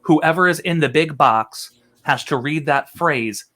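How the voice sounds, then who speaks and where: Bright-voiced chatty man from Philadelphia. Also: fairly high pitch, a little slow. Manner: chatty and rambling, laughs often. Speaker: co-host. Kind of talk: casual chat, explaining a game.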